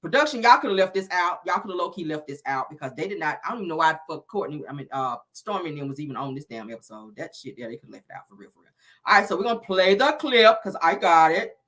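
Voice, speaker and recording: A woman's voice: deep voice, fast talker. A woman giving a casual, profane and sassy recap of a reality show, acting out the cast's lines as she goes. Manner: animated, sassy, profane, laughs often; acts out the cast's lines in quotes.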